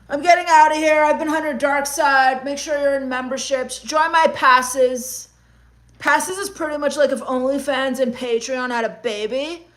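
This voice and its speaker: A woman comedian on a livestream, reading chat comments aloud and answering them with deadpan, mock-gloomy dark humor. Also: high voice.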